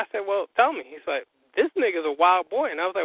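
A man, a guest on a call-in interview, telling his story in an animated, profane way and acting out what others said. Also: high voice, moderate pace, pauses often, no room sound. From US Northeast. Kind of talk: casual phone interview. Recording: tinny phone line.

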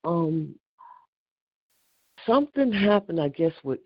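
Older lady on a call, fired up and indignant, husky gravelly voice, dull lo-fi line. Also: on the low side, slow pace, no room sound. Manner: animated, indignant storytelling, acting out quoted dialogue. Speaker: caller. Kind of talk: casual phone call chat.

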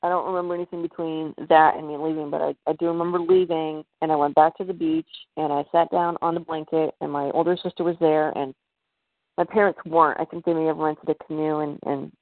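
A woman's voice: sits low, little pitch movement, a little fast, no echo. A woman as a podcast guest, telling a personal story in a hesitant way, full of fillers and restarts. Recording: tinny phone-like line.

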